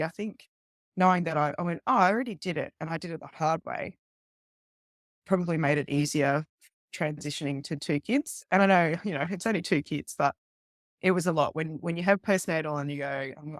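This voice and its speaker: With a deep voice and a fairly quick delivery, a woman speaks on a dry, clean studio recording. She's a guest police detective telling a story in relaxed conversation, animatedly voicing the people in it and laughing along the way.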